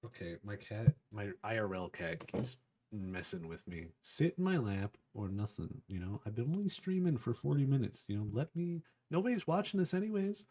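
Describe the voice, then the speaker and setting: A man's voice: fairly low pitch, expressive, moderate pace, darkish tone. A man streaming a text adventure game with a desk microphone, reading the game text aloud and laughing often. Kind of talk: casual gameplay commentary and reading aloud.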